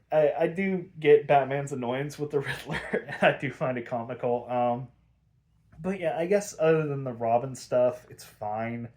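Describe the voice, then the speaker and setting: A man's voice: medium pitch, normal speed, darkish tone. A man hosting a casual solo episode review, ranting in exasperation and swearing freely, with plenty of fillers and restarts. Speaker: podcast host reviewing episodes.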